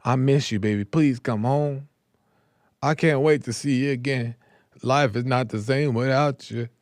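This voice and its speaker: A grieving mother pleads softly on television for her missing daughter, as a man telling the story puts her on. The voice stays smooth and clear. The recording is dry and close. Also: mid-range voice, measured pace, no echo, pitched below the performer's own voice, close to an everyday voice. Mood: pleading.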